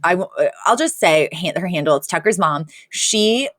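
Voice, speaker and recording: A woman's voice: on the low side, lively intonation, normal speed, fairly bright tone, dry recording, studio quality. A middle-aged woman co-hosting a podcast in casual chat, chatty and laughing often. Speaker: podcast co-host.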